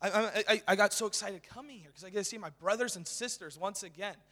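Young man preaching with high bright voice. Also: fast. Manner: casual, excited, with many fillers. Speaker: guest preacher. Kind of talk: sermon. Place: church. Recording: reverberant hall.

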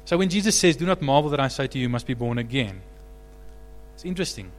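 A man preaching a sermon as pastor, animated, rising to loud emphatic peaks. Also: medium pitch, quick pace, big-room sound.

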